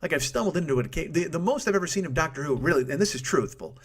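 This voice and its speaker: A man's voice: fairly high pitch, expressive, fast, breathy edge. A man in his forties hosting a comedy podcast, rambling through a profane monologue, cutting himself off and laughing at his own jokes. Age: 40s. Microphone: studio microphone.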